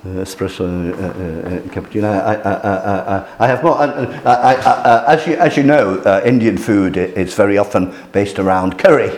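A man's voice: on the low side, brisk, hardly any pauses, a little mellow. A man giving an informal lecture to a class, hesitant with many restarts and fillers, chuckling at his own jokes. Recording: roomy hall echo.

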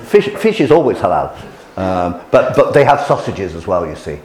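A man's voice: sits low, very animated, normal speed, darkish tone. A man giving an informal lecture to a class, hesitant with many restarts and fillers, chuckling at his own jokes. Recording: roomy hall echo.

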